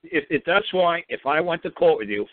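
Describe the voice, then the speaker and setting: A man's voice: a little high, animated, normal speed, no room sound. Man, call-in guest, blunt, profane, commanding, tinny dry phone line. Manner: emphatic, commanding. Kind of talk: casual call-in radio talk.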